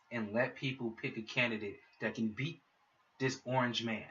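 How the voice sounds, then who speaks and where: A man's voice: mid-range voice, steady tone, moderate pace, fairly bright tone. Heated, cursing man ranting on a podcast. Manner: heated, profane, talks straight at listeners. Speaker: podcast host. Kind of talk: solo podcast rant. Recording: dull lo-fi sound, mic set back.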